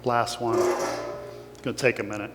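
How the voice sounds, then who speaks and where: A man's voice: fairly low pitch, little pitch movement, a little slow, over loud music. A man from Kentucky with a Kentucky accent, giving an earnest, emotional motivational talk to an audience. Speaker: guest speaker. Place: large hall with audience. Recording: echoey hall with faint hum.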